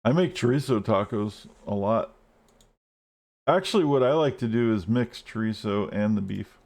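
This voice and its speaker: A man's voice: lowish voice, moderate pace, darkish tone. A man live-streaming a game, chatting casually and rambling while he plays, swearing often.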